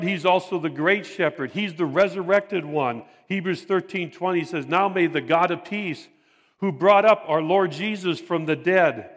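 A man's voice: high voice, fairly bright tone. Man preaching in a reverberant hall. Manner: measured, emphatic preaching with repetition. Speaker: pastor. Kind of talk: sermon.

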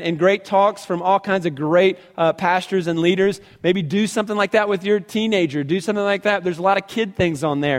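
A man's voice: sits high, long reverb tail. A man, a pastor, giving an earnest sermon, telling everyday stories and acting out the voices in them. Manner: earnest storytelling, acts out quoted voices. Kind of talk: sermon to a men's gathering.

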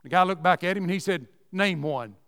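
Preaching very fast to his congregation, this high-voiced, slightly bright man speaks with folksy conviction and hammers his points through repetition. A long reverb makes it sound like a big church sanctuary.

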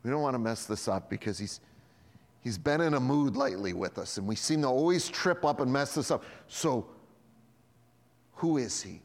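Guy doing nervous disciples whispering in a huddle, low and hushed, big echoey hall. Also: animated, moderate pace, close to an everyday voice. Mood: hushed worried. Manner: hushed, conspiratorial.

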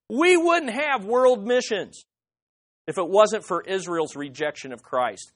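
A man's voice: dry recording, clean studio sound. Man preaching an emphatic sermon. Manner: emphatic preaching, dramatic swings in pitch and loudness, rhetorical questions. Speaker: pastor. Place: church.

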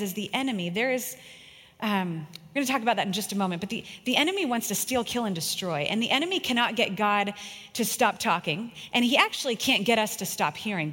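A woman's voice: a little high, fairly bright tone. A woman in her thirties giving an earnest sermon, telling personal stories with emphasis. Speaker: speaker. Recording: long echo in a large room.

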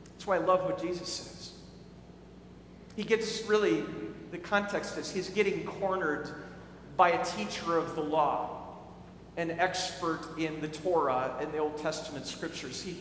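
A man's voice: sits high, fairly bright tone, slight background noise. A man preaching a sermon as a pastor, earnest and often repeating words as he starts a thought. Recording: echoey hall with faint ambience.

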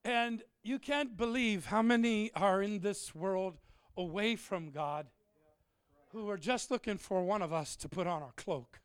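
A middle-aged man preaching a humorous sermon, animated and joking, swinging from shouts to quiet asides. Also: high voice, unhurried, smooth, dry recording. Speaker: pastor.

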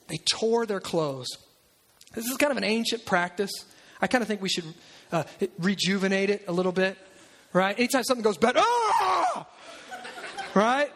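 A man delivers a sermon with a strikingly high voice. He talks to the congregation in a loose, conversational way, tossing in asides and acting out little quotes as he goes. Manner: animated, conversational preaching with asides and acted-out quotes. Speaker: preacher.

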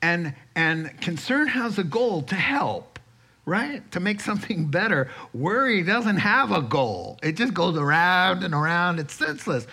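A man preaching a sermon, animated, acting out quoted voices and chuckling as he teaches. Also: sits high, unhurried. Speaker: pastor.

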